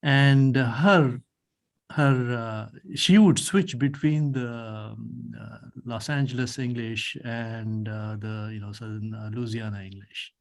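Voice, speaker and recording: A man with a mid-range voice taking part in a casual discussion over a video call. He explains things slowly and haltingly, stopping often to fill gaps with "uh" and "you know.". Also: medium pitch, steady tone, creaky. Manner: halting, many fillers, explanatory. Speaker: media group member.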